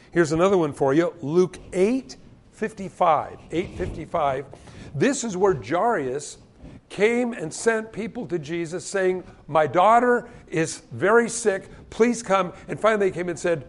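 A man preaching a sermon as pastor, telling the stories with energy and acting out the voices of the people in them. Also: high-pitched. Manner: animated storytelling, acting out quoted voices.

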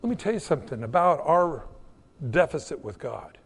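A middle-aged man preaching a sermon as pastor, telling stories with lively restarts. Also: on the high side, normal speed, husky. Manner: animated storytelling with repeated restarts. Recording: long hall reverb.

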